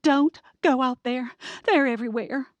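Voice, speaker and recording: A woman's voice: mid-range voice, wildly swooping pitch, fairly quick, no echo. A woman voicing a panicky, frightened young woman who shrieks and whimpers, in storybook narration. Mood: terrified.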